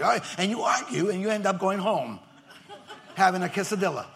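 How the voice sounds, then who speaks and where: A male pastor preaching a sermon emphatically, swinging from shouts to near whispers and acting out members of the congregation. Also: sits high, lively intonation, fairly quick, gravelly, pauses often.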